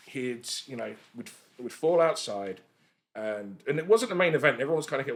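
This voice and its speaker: A man in his forties, a podcast guest telling stories in a casual, animated way, laughing and swearing freely. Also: medium pitch, fairly quick. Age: 40s. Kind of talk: casual storytelling chat.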